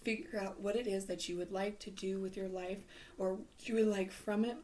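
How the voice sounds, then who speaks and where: A woman's voice: mid-range voice, fairly even intonation, fairly quick, a little mellow, slight background noise. A woman giving a tarot reading in a casual, advising way, losing her voice, with frequent ums and some half-whispered words. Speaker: tarot reader.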